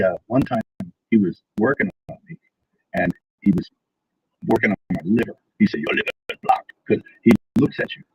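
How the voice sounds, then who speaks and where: Husky low-voiced man telling stories. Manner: animated, acts out quotes. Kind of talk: casual storytelling conversation. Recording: dull lo-fi sound.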